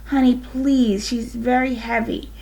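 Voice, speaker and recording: Woman voicing a mother, gentle, sad, reassuring, creaky voice, storybook reading. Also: fairly high pitch, level tone, a little slow, poor audio. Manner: soft, reassuring.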